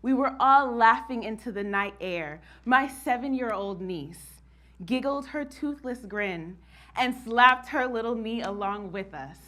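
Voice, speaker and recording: A woman's voice: fairly high pitch, expressive, measured pace, sharp tone. A woman from New Jersey performing a spoken-word monologue, telling her story expressively and laughing often. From New Jersey, USA.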